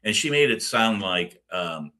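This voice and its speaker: A man's voice: on the low side, lively intonation, unhurried, bright, forceful tone. A middle-aged man giving a casual recorded lecture as a course instructor, rambling with many fillers and restarts.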